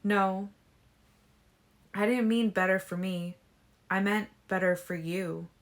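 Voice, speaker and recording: A woman's voice: medium pitch, steady tone, takes it slowly, natural voice. A woman reading a guilty, anxious teenage girl in a fan audiobook, voice raised and pleading. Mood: earnest.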